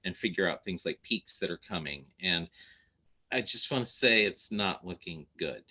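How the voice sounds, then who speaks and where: A man's voice: low voice, expressive, moderate pace, bright, forceful tone. A man hosting a casual live stream chat, talking earnestly and rambling a little, often trailing off between thoughts.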